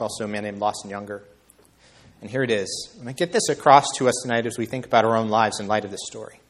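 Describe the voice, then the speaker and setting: A man preaching an evening sermon, rising high and loud on key points and slowing words down for weight.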